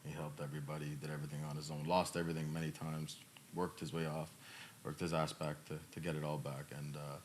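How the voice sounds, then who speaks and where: A male podcast host, choked up and emotional, answering questions in a reflective, halting way with many fillers. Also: rumbling low, little pitch movement, slight background noise.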